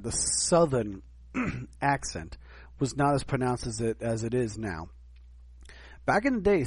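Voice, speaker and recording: A man with a New York accent hosting a podcast, talking through a rambling, animated solo commentary full of restarts and asides. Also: mid-range voice, breathy edge, no room sound. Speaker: podcast host.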